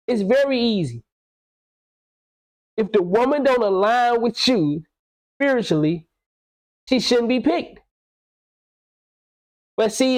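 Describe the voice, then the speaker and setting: A man's voice: high-pitched, low-quality recording. A man in his thirties talking in a casual podcast conversation, blunt and preachy, with plenty of swearing. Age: 30s.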